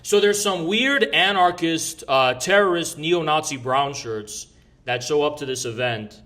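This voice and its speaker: Brash, profane man with a bright voice. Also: fairly high pitch, expressive, unhurried. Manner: rambling with restarts. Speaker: podcast guest recounting an event. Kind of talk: casual storytelling chat.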